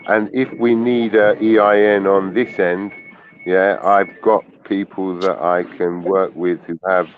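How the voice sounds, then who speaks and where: A man's voice: low voice, level tone, measured pace. A man with a London accent chatting casually, often repeating words as he searches for the next one. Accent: London English. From London, England. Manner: chatty, repeats words while finding them. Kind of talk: casual chat. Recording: tinny phone line with faint hiss.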